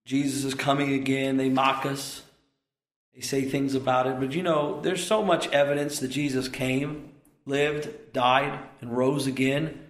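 A man preaching a sermon as pastor, impassioned and building to shouted peaks. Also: mid-range voice, little pitch movement, unhurried, reverberant.

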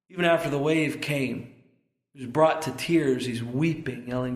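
A man preaching a sermon as pastor, impassioned and building to shouted peaks. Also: mid-range voice, normal speed, echoey room.

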